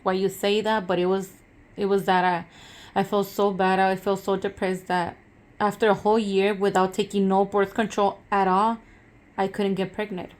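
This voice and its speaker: A woman's voice: mid-range voice, little pitch movement, moderate pace. A woman in her thirties talking earnestly to camera in a personal vlog. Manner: earnest, conversational, emotional at times. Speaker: vlogger.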